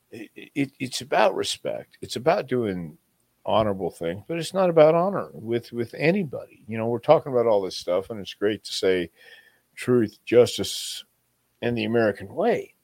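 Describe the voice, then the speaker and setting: A man's voice: medium pitch, lively intonation, moderate pace, gravelly, darkish tone, no echo. Dry-sounding man telling rambling stories. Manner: rambling, acts out quotes, many restarts. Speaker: interview guest. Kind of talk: casual storytelling interview.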